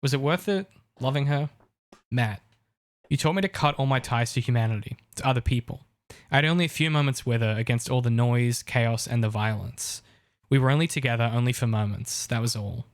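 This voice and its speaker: An actor playing a restrained, grieving young man in a TV drama, speaking low and softly. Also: fairly quick, no room sound, natural voice. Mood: mournful. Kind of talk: TV drama acting.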